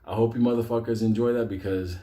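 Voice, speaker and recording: Speaking fast in a lowish voice, a man tells comic stories about an old friend in an echoey room. The talk is casual and profane, animated, with constant cursing and bursts of laughter.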